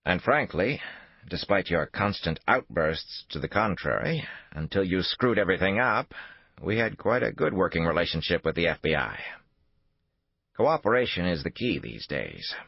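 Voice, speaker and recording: A man voicing a cold, forceful male intelligence officer who speaks with clipped disdain. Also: sits low, gravelly, dry recording, voice pushed up, full character voice. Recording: dull lo-fi dry recording.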